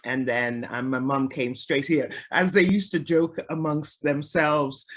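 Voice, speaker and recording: A woman from Liverpool with a softened Liverpool accent, a guest musician chatting casually in an interview. She talks easily, laughs often and trails off with ums. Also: deep voice, steady tone, unhurried. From Liverpool, England.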